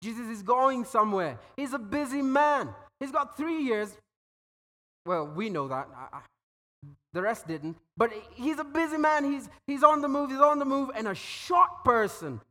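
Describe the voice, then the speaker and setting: A man's voice: extremely high pitch, lively intonation, moderate pace, bright, forceful tone. A man preaching a sermon, telling stories and acting out quoted voices, often repeating words as he goes. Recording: long hall reverb.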